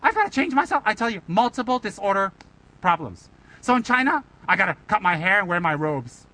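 High, bright-voiced playful Buddhist teacher. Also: male voice, very animated, brisk, poor audio. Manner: playful, teasing, rhetorical questions. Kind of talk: Dharma talk.

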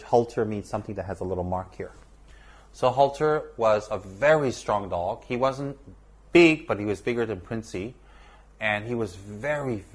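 Lowish-voiced guy telling a personal story, earnest and measured, keeps repeating words for emphasis. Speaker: teacher with monastery students.

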